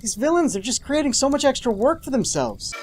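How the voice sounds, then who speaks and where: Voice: high-pitched, lively intonation, fairly quick, gravelly, faint music behind. A show host giving a comedic, sarcastic recap of a TV episode, with mock-dramatic outbursts and jokey asides to the viewers.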